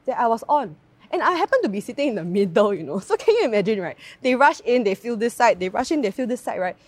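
A woman's voice: medium pitch, no room sound. Singaporean woman giving a chatty devotional. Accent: Singaporean English. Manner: chatty, animated storytelling with tag questions. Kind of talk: devotional talk with personal story.

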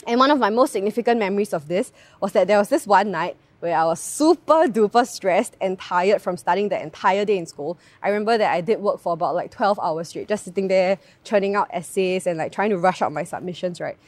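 Young Singaporean woman, devotional speaker, conversational and animated, mid-pitched voice, dry room. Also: a little fast, hardly any pauses, no room sound. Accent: Singaporean English. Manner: chatty, animated storytelling with tag questions. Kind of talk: devotional talk with personal story.

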